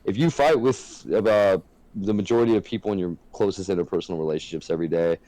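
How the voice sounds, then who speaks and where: A man's voice: low-pitched, fast, warm tone, no room sound, poor audio. A man co-hosting a casual podcast, talking frankly and earnestly and swearing freely. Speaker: podcast co-host.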